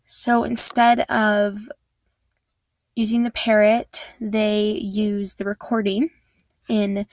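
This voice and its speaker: A woman's voice: mid-range voice, little pitch movement, takes it slowly, no room sound, low-quality recording. A fourteen-year-old girl hosting her own true-crime podcast, telling a case in a casual, chatty way with many fillers and restarts. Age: teens. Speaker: podcast host.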